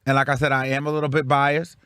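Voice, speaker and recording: Young male host, sassy gossip commentator, blunt rants, average pitch, dry close mic. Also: flat delivery, fast, sharp tone, clean tone, dry recording. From Bay Area, California. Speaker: show host. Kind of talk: casual reality-TV commentary.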